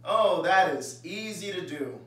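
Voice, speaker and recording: Bright-voiced preacher in an echoey hall. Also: male voice, high voice, animated, a little slow. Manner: reads scripture, then acts out everyday voices conversationally. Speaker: pastor. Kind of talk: sermon. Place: church sanctuary. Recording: echoey church hall, mic far off.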